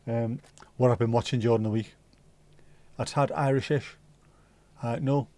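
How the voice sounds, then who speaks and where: A man's voice: medium pitch, fairly even intonation, normal speed, dark tone. A man hosting a livestream, chatting casually and reading out viewer comments in a rambling way, with the odd swear. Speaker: livestream host.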